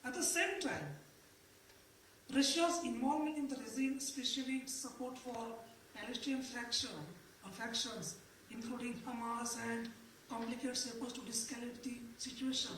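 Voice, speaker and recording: A woman's voice: on the high side, fairly even intonation, normal speed, fairly bright tone, a little hiss or hum. A woman giving a conference panel presentation, hesitant, with many fillers and restarts. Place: conference room. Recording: echoey hall, distant mic.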